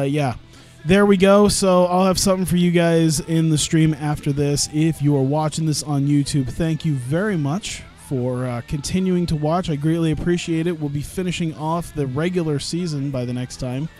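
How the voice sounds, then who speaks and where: A man with a slightly higher-than-average voice rambles through casual commentary on his own gameplay. He often breaks off mid-sentence and chuckles at his own ideas. Soft music plays faintly under his talk. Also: steady tone, moderate pace. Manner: rambling, self-interrupting, laughs at own jokes. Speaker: gaming streamer.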